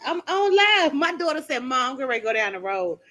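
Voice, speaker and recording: A middle-aged woman hosting a live stream from home, chatting with viewers in an animated, exclaiming way and laughing often. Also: sits high, fairly quick.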